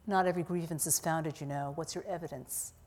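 A woman reading aloud the lines of a measured older man, a pragmatic lab mentor, in a dry, matter-of-fact way. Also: sits low, steady tone, darkish tone.

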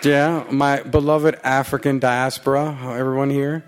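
An author of medium pitch banters with a live audience before his reading, his voice showing little pitch movement at a measured pace. He's profane, jokey and teasing the crowd, heard through heavy background noise.

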